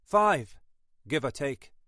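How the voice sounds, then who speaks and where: A man's voice: medium pitch, big pitch swings, slow pace, pushed and bright, dry recording, studio quality, pitched above the performer's own voice, heavily acted. A man reading an audiobook, voicing a wry, blunt female detective sergeant.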